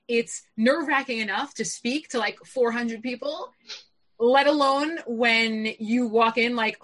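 Woman speaker, 30s, animated storyteller, bright, slightly high voice. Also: rough recording. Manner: animated, jumps high when quoting herself. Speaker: public speaker. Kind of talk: personal storytelling.

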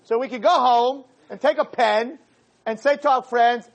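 A man, a rabbi, giving an animated, joking talk to teenagers and acting out little scenes as he goes. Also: very high voice, normal speed. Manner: acts out voices of boys and girls, jokey, punchy.

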